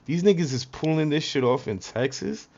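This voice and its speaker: A man's voice: a little high, expressive, moderate pace, creaky, background noise. A man giving casual, profane reaction commentary in a slangy way, laughing often. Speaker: reaction streamer. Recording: dull lo-fi audio.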